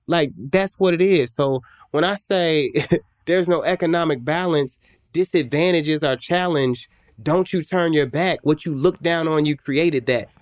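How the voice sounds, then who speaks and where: A man, a musician guest telling a story in a lively, animated way and acting out other people's voices. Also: fairly high pitch, measured pace, no room sound, clean studio sound. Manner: animated, acts out voices in stories. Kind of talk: conversational storytelling.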